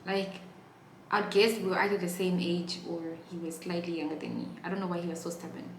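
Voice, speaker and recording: Young woman from namibia, vlog storyteller, dramatic, hushed then loud, echoey room, faint ambience. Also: fairly low pitch, fairly even intonation, fairly quick, slight background noise. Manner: dramatic, swings from hushed asides to loud exclaiming. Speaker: YouTuber telling a story.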